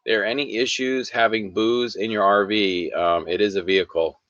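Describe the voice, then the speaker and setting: Casting: man, bright forward voice, giggly podcast host, dry lo-fi sound. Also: lowish voice, fairly even intonation, normal speed, dry recording. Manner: giggly, reads chat comments aloud. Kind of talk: casual chat, reading viewer comments. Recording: dull lo-fi sound.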